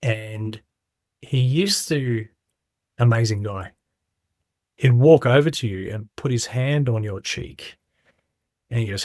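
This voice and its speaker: A man's voice: mid-range voice, unhurried, long pauses, a little mellow, dry recording, clean studio sound. A middle-aged man candidly recounting his story in a casual interview, acting out quoted voices as he goes. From Australia. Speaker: guest.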